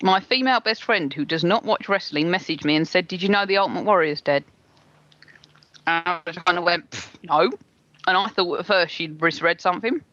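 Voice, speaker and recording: A co-host with a British accent, chatting in a measured, conversational way on a radio show. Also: mid-range voice, pushed and bright, no echo, lo-fi sound. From England. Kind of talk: casual podcast chat.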